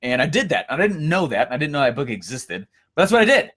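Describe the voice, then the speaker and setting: A young man giving a casual coaching lesson, energetic and storytelling, with frequent fillers and restarts. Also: fairly high pitch, fast talker. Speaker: course instructor.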